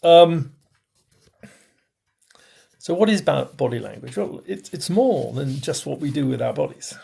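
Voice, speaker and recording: Middle-aged man, bishop giving a teaching talk, unhurried delivery, husky gravelly tone, emphatic stresses. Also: fairly high pitch, animated. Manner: emphatic, stresses key words with pauses and swings in loudness. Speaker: bishop and communication skills teacher.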